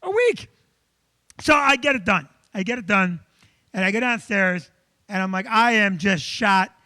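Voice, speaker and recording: A male comedian hosting a live show from a comedy club stage, telling an animated, self-deprecating story. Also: high voice, normal speed.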